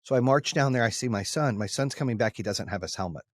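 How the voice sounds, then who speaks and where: A man's voice: medium pitch, quick pace, dry recording. A man hosting a podcast, telling a personal story in a blunt, casual way, swearing freely and acting out past arguments. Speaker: podcast host.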